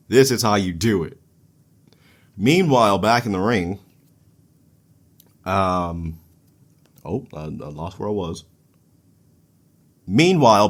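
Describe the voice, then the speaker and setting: A man with a lowish voice recaps wrestling matches for a casual podcast, speaking at an unhurried, drawn-out pace. He's laid-back and swears casually, chuckling at his own stumbles.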